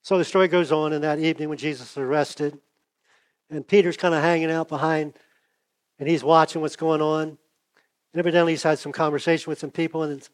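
A man preaching a sermon, conversational, acting out the dialogue with big swings from loud to hushed, and losing his voice. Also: fairly high pitch, little pitch movement, fairly quick. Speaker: pastor.

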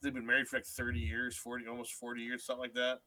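A man with a bright, forceful voice co-hosts a movie podcast with a wisecracking streak. His voice sounds close and dry, and he riffs in mock voices on the films. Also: mid-range voice, completely flat delivery, rapid-fire, no echo. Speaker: podcast co-host. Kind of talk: casual movie review chat.

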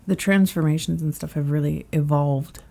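A young woman chatting casually as a podcast co-host. Her voice sits a little low and has a gravelly fry. She is chatty and trails off while hunting for names. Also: fairly even intonation, moderate pace, dark tone. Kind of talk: casual chat.

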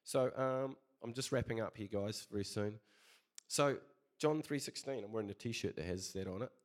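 A man's voice: on the low side, normal speed. A man preaching a casual sermon, chatty and conversational, telling a story with many fillers.

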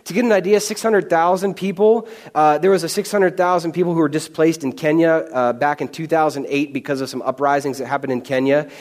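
A pastor preaching a sermon in a fairly high voice. He is animated and stumbles over repeated words as he goes. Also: a little fast, hardly any pauses.

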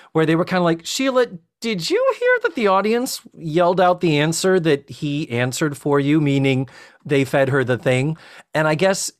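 A man co-hosting a podcast in casual comedic chat, explaining things earnestly and laughing often. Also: fairly high pitch. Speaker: podcast co-host.

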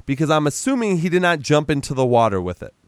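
A man casually recapping a movie in conversation, jumping into loud animated impressions of the characters and swearing freely. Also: a little high, quick pace, clear, resonant tone, no echo. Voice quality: animated retelling, acts out characters in a raised voice, swears. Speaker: podcast co-host.

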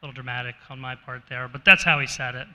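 A man's voice: mid-range voice, steady tone, fast talker, pushed and bright. A man preaching a sermon in a conversational way, asking his congregation questions. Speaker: pastor. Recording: reverberant hall.

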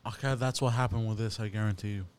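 Man, casual podcast banter, quick jokes, dry close mic. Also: fairly low pitch, steady tone, smooth, no echo. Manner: joking, skeptical interjections. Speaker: podcast co-host.

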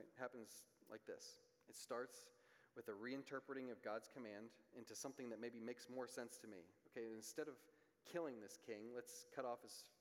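A man preaching a sermon in an earnest way. He grows more intense on key points and drops to quiet asides. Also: mid-range voice, long reverb tail.

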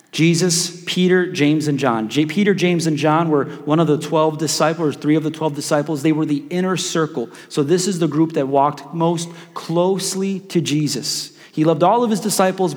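Animated male pastor in a reverberant hall. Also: fairly high pitch, normal speed. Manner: animated storytelling with playful asides and repeated restarts. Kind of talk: sermon.

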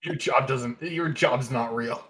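A man co-hosting a casual chat, joking loudly, swearing and laughing a lot. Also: medium pitch, takes it slowly, slight background noise. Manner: loud, jokey, swears, bursts of laughter.

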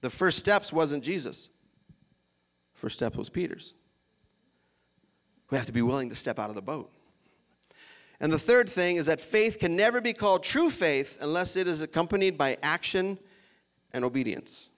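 In a relaxed, chatty sermon, a man reads scripture aloud and wanders off into playful asides. His voice is high for a man, he laughs lightly from time to time, and he speaks at a moderate pace with frequent pauses.

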